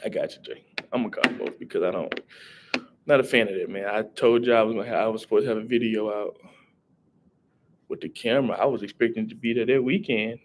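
A man's voice: on the low side, quick pace, slight background noise. Young man chatting on a live stream. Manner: rambling, talks to chat, greets viewers. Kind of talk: casual live-stream chat. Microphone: headset.

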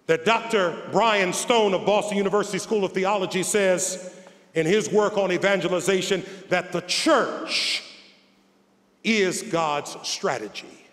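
Man preaching a sermon in a hall. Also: high-pitched. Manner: builds from quiet drawn-out phrases to shouted, rising preaching; repeats phrases for emphasis, folksy asides. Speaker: bishop.

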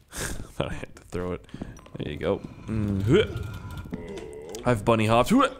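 A man's voice: fairly low pitch, animated, slow pace, background noise. A young man from Canada playing a video game, rambling, joking and swearing to himself as he goes. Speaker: gaming YouTuber. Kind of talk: let's play commentary.

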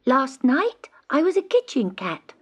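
A woman voicing an earnest, gentle young male kitten in a bright, eager, polite voice, reading a storybook. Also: high-pitched, big pitch swings, unhurried, soft background music, pitched above the performer's own voice. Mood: wistful. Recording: dull old cassette tape.

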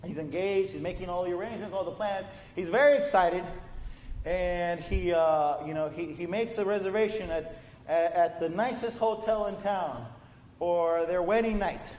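In a church sanctuary, a pastor preaches a sermon, telling a story that builds to impassioned emphasis. His voice is high-pitched and a little mellow, at a moderate pace, with the echoey room audible in the recording.

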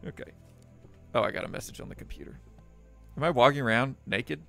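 A man's voice: mid-range voice, lively intonation, a little fast, creaky, a bit bright, soft background music. A young man doing let's play commentary on a horror game, joking and sarcastic as he reads the game's text aloud. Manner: joking, sarcastic, laughs often. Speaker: gaming let's player. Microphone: desk microphone.

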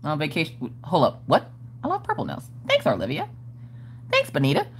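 A woman with a low, slightly rough voice swings hugely in pitch and talks fairly quickly while hosting a casual crafting livestream. She greets viewers by name and reads out their comments, playful and laughing throughout.

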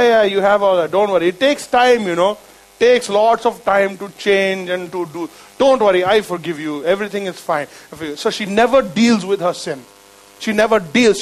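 High-voiced man preaching emphatically. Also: low-quality recording. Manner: emphatic preaching with repeated rhetorical questions. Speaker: pastor. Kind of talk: sermon.

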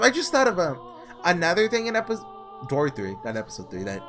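Guy playing a story game, reading it out and rambling excitedly, bouncy pitch, a little music behind. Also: a little fast. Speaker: let's play host. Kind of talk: reading a visual novel aloud with commentary.

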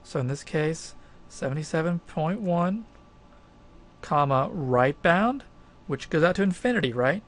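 Upbeat math teacher, slightly high voice. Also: male voice, animated, a little slow. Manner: conversational, emphatic, thinks aloud with fillers. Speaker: math instructor. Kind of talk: recorded lecture walkthrough.

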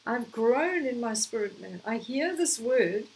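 A woman's voice: a little high, animated, unhurried, slight background noise, rough recording. A woman preaching a sermon in an earnest, exhorting way, telling personal stories to encourage her listeners.

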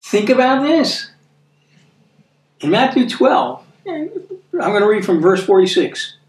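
A man's voice: extremely high pitch, very animated. American man preaching in an echoey room. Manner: earnest, repeats words for emphasis, reads scripture slowly. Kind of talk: conversational sermon. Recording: echoey room, mic at a distance.

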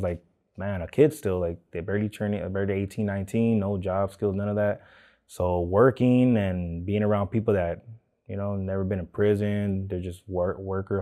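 Young la dude, kinda low and mellow, slangy, says like and man a lot. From Los Angeles. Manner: loose street slang, many "like" and "man" fillers. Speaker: tattoo artist, interviewee. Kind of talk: casual interview.

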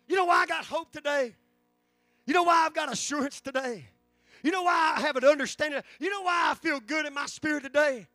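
High-voiced preacher, fervent and dry. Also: male voice, expressive, moderate pace, long pauses, dry recording, soft background music. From United States. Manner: fervent preaching, repeats phrases, rises to shouts. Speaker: pastor. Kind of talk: sermon. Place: church sanctuary.

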